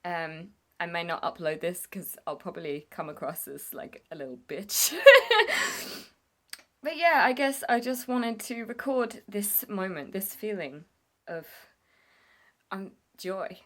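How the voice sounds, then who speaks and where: A woman's voice: fairly low pitch, lively intonation, measured pace. A young woman telling a personal story to camera in a candid, emotional vlog, swearing casually and tearing up at times. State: tearful at times. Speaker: vlogger.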